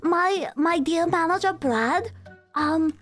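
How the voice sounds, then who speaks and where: A woman's voice: very high voice, slow, fairly bright tone, soft background music, full character voice. A woman voicing a bland, bubbly, cookie-cutter female VTuber who talks in an overly sweet, chipper and rehearsed way during a comedic stream bit. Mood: sugary.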